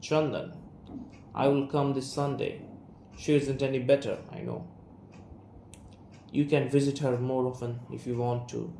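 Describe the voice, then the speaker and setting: Male student reading a guarded estranged son, Indian English accent, slow and gravelly, echoey room with a faint hiss. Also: medium pitch, steady tone, mellow. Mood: defensive. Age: young adult. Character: young man, guarded, estranged son and writer. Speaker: student reader. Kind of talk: reading an audio play aloud.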